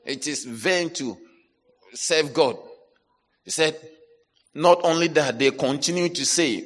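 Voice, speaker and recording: A male pastor preaching a sermon, animated, dropping to low asides and rising to loud shouted lines as he acts out complainers. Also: slow, long pauses. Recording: long hall reverb.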